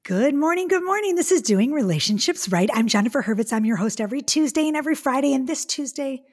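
A woman hosting a relationship podcast, effusive and chatty, talking in quick asides and gushing over her guest. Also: a little high, animated, a little mellow. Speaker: podcast host.

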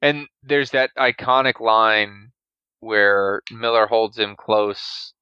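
A man's voice: on the low side, flat delivery, slow pace, pushed and bright, smooth, dry recording, lo-fi sound. A man co-hosting a podcast, enthusiastically talking through film scenes and explaining military weapons and terms. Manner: explanatory, gun-knowledgeable, enthusiastic. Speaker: podcast co-host. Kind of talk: casual movie discussion.

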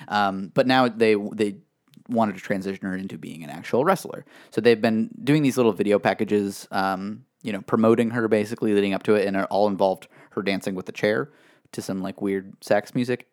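A man with a fairly low voice talks through a casual podcast conversation. He explains at length in a chatty, filler-heavy way. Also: darkish tone. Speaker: podcast co-host. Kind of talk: casual wrestling chat.

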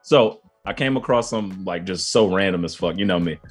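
A man co-hosting a casual chat, animated and swearing freely as he tells a story. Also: low voice, moderate pace, breathy edge, faint music behind. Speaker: podcast co-host.

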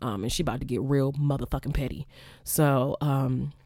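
A woman's voice: extremely low pitch, normal speed, husky, no echo, clean studio sound. Candid, profane young woman telling a story. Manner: profane, animated, acts out quoted exchanges. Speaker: podcast host, former college teacher.

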